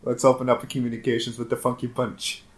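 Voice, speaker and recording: A man's voice: mid-range voice, monotone, fast talker, roomy sound. A man playing a tabletop game with friends, joking and playful. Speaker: player. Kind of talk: casual chat.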